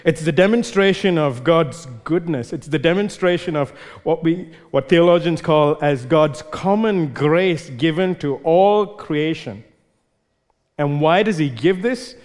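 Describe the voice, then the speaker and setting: Emphatic preacher with a fairly high voice. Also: male voice, measured pace, a little mellow. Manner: emphatic, repeats words for stress. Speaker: pastor. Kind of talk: sermon. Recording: long reverb of a large hall.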